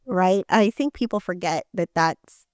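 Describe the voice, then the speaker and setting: A woman's voice: on the low side, measured pace, a little mellow, no echo, clean studio sound. A middle-aged woman co-hosting a casual podcast chat, talking emphatically with frequent restarts. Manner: emphatic, many restarts and fillers. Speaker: podcast co-host.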